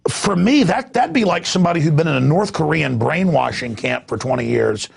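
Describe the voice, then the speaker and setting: A man's voice: on the high side, lively intonation, a little fast. A man hosting a talk radio interview, emphatic and stammering when worked up. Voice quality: gravelly, raspy. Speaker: host.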